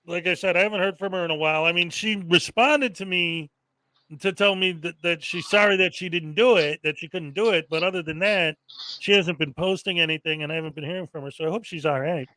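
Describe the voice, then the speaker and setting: High bright-voiced guy rambling on a stream, dry sound. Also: brisk, no room sound, low-quality recording. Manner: rambling with fillers and laughs. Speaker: livestream co-host. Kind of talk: casual chat.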